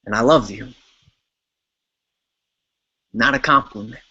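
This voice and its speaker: A man's voice: mid-range voice, slow pace, creaky, sharp tone, no room sound. Spoken word poet, male, intimate playful rhythm, dry slightly dull mic. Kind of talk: spoken word poetry performance.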